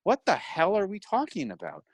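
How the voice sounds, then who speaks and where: A man co-hosting a casual podcast, telling stories in a rambling, animated way with frequent laughs. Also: sits high, moderate pace, dry recording. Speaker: podcast co-host. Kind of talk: casual chat.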